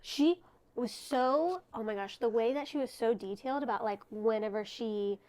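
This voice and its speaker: A woman's voice: fairly high pitch, moderate pace, darkish tone, poor audio. A woman co-hosting a casual book podcast, rambling through a plot retelling with many fillers. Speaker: podcast co-host.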